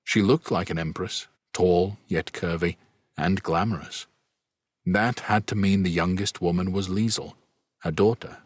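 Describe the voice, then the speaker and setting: A man narrating a fantasy audiobook in a steady, even storytelling manner. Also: deep voice, a little slow, no room sound. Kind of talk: scripted narration.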